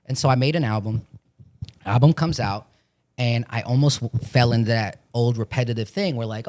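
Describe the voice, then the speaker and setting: A man in his forties from Florida, an actor talking as a podcast guest in a casual, animated way, swearing often as he tells stories. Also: mid-range voice, moderate pace. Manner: profane, animated storytelling with frequent swearing. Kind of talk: casual chat.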